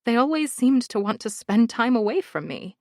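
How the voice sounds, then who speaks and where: A woman's voice: on the high side, sing-song, moderate pace, no echo, clean studio sound. A woman reading the part of a grown woman who defends herself to an old school friend, in an earnest, pleading manner.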